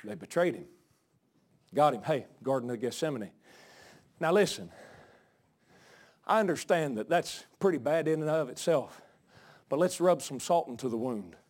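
A male pastor preaching a sermon, out of breath, swinging from folksy asides to shouted peaks. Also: fairly high pitch, animated, normal speed, pauses often. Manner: folksy, joking asides to the congregation.

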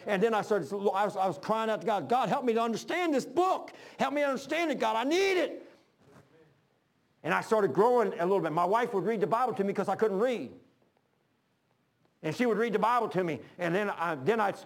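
A man preacher telling a sermon story, emphatic and swinging between loud and hushed. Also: high-pitched, creaky.

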